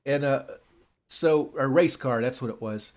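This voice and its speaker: A man's voice: medium pitch, moderate pace, darkish tone. A man in casual chat, rambling through a script recap and acting out characters' lines.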